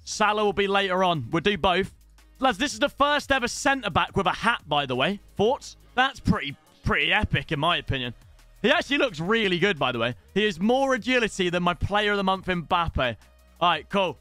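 A young British man streaming his gameplay, his voice pitched high and bouncing all over the place as he reacts. The tone is bright and sharp, with casual swearing and sudden shouts. Faint game music plays underneath. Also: brisk, no echo. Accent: British English. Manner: excitable, swears casually, shouts at big moments. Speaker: gaming streamer. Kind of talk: live gameplay commentary.

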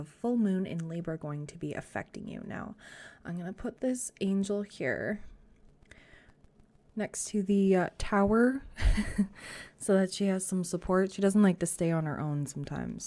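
A woman giving a casual, chatty pick-a-card tarot reading, reassuring and full of fillers, her voice a bit rough today. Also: fairly low pitch, mellow, dry recording. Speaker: tarot reader.

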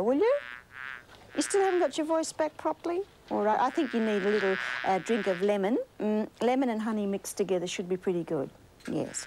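A woman's voice: medium pitch, darkish tone, a little hiss or hum, low-quality recording. An Australian woman hosting a children's TV show, coaxing and sing-song, full of tag questions for young viewers. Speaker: children's TV host.

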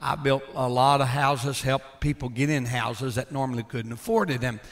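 An older man, a former pastor and builder, tells stories from his life in a folksy, animated way, chuckling as he goes. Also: medium pitch, moderate pace, faint music behind. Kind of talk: casual storytelling.

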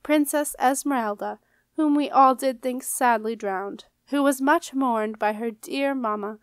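A grating, screechy queen mother, haughty and cruel, her words dripping with false sweetness, as a woman narrator puts her on. The voice sits well above the reader's own, slow and drawn out, with a dry, close sound. It is a storybook villain read aloud. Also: high voice, clear, resonant tone, no echo. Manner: falsely sweet, silky and menacing.

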